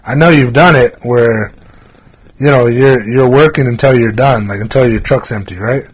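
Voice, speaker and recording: A man's voice: medium pitch, normal speed, slightly rough, lo-fi sound. A man co-hosting a podcast, chatting casually and telling rambling stories packed with filler words. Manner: rambling storyteller, frequent "like" fillers. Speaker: podcast co-host. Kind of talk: casual chat.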